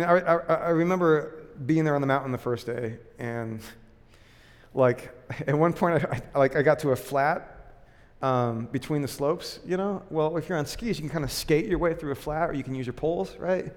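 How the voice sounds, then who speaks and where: A man's voice: mid-range voice, moderate pace, in a large hall. A man, a pastor, preaching a sermon full of personal stories in a conversational, self-deprecating way with lots of fillers and restarts.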